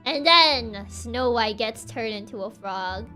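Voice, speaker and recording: Young woman streaming, playful and giggly, high bright voice, takes her time, faint music behind. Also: animated, slow. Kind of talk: livestream storytelling.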